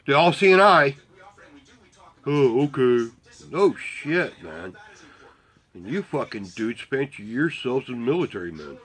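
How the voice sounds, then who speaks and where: A man's voice: mid-range voice, sing-song, takes it slowly, long pauses, a bit bright. A man in a casual storytelling mood, his talk packed with swearing and loose asides. He keeps slipping into quoted back-and-forth dialogue while recounting events. His voice sits in an ordinary middle register. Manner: profane, rambling, swears constantly; quotes himself and others in dialogue. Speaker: volunteer telling a story.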